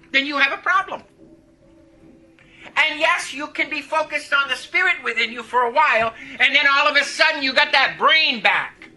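A man's voice: very high-pitched, sharp tone, poor audio. A man preaching a sermon to a congregation, speaking emphatically and calling out for their responses.

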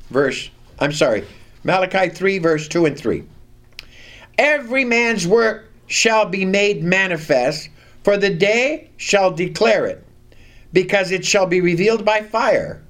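Man, preacher, sermon, high voice, unhurried pace, reads scripture, calls for repetition. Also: a bit bright. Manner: reads scripture aloud and has the congregation repeat lines; slow, deliberate emphasis on key words.

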